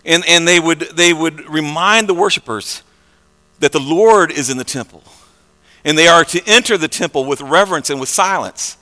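A bright, forceful male voice, a little higher than most men, giving a sermon. He talks in a loose conversational way, restarting his sentences, and the sound rings out with the long reverb of a large hall. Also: normal speed. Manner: conversational, animated, with many fillers and restarts. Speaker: preacher.

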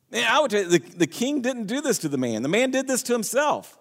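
A man's voice: very high voice, very animated, fairly quick. A man preaching a sermon in earnest, reading scripture aloud and often restarting his phrases. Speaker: pastor. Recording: long hall reverb.

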